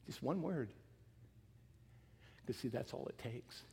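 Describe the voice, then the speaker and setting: A man preaching a sermon, retelling a story with acted quotes and dropping from loud emphasis to near-whispers. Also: mid-range voice, expressive, takes it slowly, vocal fry, in a large hall, slight background noise. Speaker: pastor.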